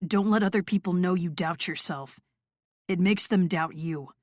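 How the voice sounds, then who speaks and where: A woman voicing a brooding, sarcastic male rock star with a gruff, scoffing manner in an audiobook. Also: on the low side, normal speed, darkish tone, no room sound, studio quality, close to an everyday voice. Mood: cold. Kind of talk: audiobook character voice.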